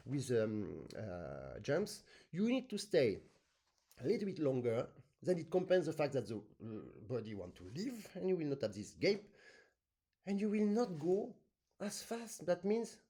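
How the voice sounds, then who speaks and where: Animated man teaching accordion. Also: a little high, husky. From France. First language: French. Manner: animated, sings rhythms in syllables, non-native English phrasing. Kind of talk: masterclass teaching with sung demonstrations.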